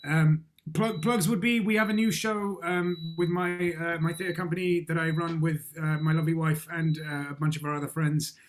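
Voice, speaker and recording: A man's voice: a little high, flat delivery, normal speed, few pauses, a little hiss or hum. A man chatting on a video call, rambling with stumbling restarts and laughs between words. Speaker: cast member. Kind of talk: casual chat on a video call.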